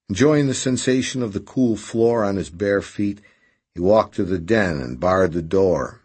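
A man narrating a novel as an audiobook, steady and unhurried. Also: on the low side, husky.

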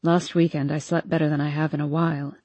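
A brooding, moody young man murmuring low and curt, his tone dark and mellow, as a woman narrator puts him on. The voice is slightly husky and close, recorded in a dry space for an audiobook. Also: little pitch movement, fast, no room sound. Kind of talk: audiobook character voice.

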